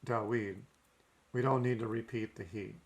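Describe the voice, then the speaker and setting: In a recorded language lesson, this teacher moves through his notes step by step, punctuating each point with "okay." He speaks in a steady, lowish voice at a moderate pace.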